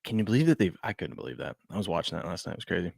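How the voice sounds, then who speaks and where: A man hosts a loose, casual sports talk show, his voice sitting a little low. He rambles and trips over his own sentences, restarting as he goes. The sound is close and dry, with no room around him. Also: animated, rapid-fire, gravelly, a little mellow, no echo. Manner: rambling, repeats himself, frequent restarts and fillers.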